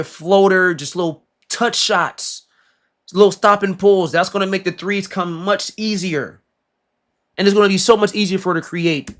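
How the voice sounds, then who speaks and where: A man casually breaking down basketball footage, excitable and slangy, often repeating himself and laughing. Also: high-pitched. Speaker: basketball reaction creator.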